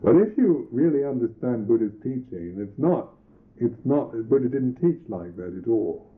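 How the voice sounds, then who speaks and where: A Buddhist monk teacher giving a reflective meditation talk, pausing and restarting his phrases often. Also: medium pitch, sing-song. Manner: slow, reflective, halting with restarts. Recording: tinny lo-fi old recording.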